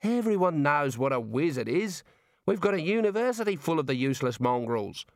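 A man voicing a blunt, sharp-tongued young woman with a scornful manner. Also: fairly high pitch, sing-song, a little fast, no room sound, clean studio sound.

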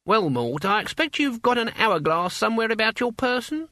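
A man voicing a brisk old witch woman. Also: high-pitched, big pitch swings, bright, forceful tone, no echo, clean studio sound, voice pushed up, heavily acted. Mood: calm. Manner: matter-of-fact, fussy, briskly practical. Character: frail, bent, elderly witch woman, brisk and unflappable. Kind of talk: audiobook character voice.

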